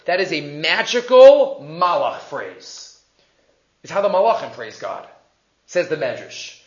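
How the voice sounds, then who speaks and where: A man's voice: fairly high pitch, big pitch swings, measured pace. A man giving a Torah class, explaining Hebrew and Aramaic texts in English with rhetorical questions. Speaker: Torah teacher. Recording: echoey muffled room recording.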